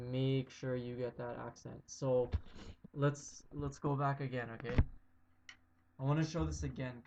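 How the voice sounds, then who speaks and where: A man teaching drum rudiments in a casual video lesson. He talks in a relaxed way, checks in with "okay?" again and again, and counts out loud as he plays. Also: medium pitch. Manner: relaxed, repeats "okay?" often, counts aloud loudly while playing. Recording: dull lo-fi sound with faint noise.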